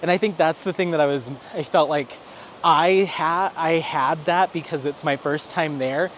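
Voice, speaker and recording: A man talks while out on a stroll, his voice sitting a bit higher than most men's. His storytelling rambles and chats along, and he slips into quoted lines as he goes. Faint outdoor traffic murmurs behind him. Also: normal speed, a bit bright. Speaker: vlogger. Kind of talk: casual vlog on a stroll. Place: outdoors, walking.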